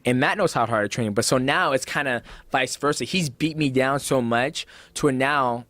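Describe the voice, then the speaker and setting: A man in his thirties tells fight stories in a podcast studio, acting out each voice and swearing freely. His voice sits at an ordinary middle pitch, and the sound is close and dry with no room echo. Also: moderate pace. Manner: animated storyteller, acts out voices of others, swears freely. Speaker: professional fighter, guest. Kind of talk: casual podcast conversation.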